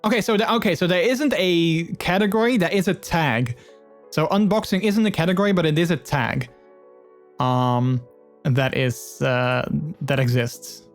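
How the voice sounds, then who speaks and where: Chatty streamer man, fairly high voice. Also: moderate pace, soft background music. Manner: chatty, rambling with many fillers; open and earnest. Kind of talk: casual live-stream chat.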